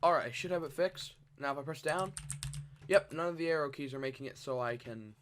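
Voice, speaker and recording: A man giving casual let's-play commentary, excitable and rambling, breaking into restarts and shouts. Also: a little high, fairly quick, a little hiss or hum. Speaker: gameplay channel host.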